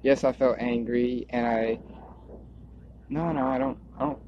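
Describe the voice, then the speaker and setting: In a dull, lo-fi clip with a little background noise, a video creator talks in a mid-range voice, steady in tone and slightly slow. His monologue wanders freely, with repeated words and thoughts he keeps returning to.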